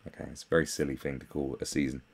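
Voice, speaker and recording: A man's voice: little pitch movement, racing, gravelly, slightly rough. A British man doing sarcastic commentary on memes, mocking and swearing freely. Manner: mocking, swears, jumps into high mock voices. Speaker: commentary host.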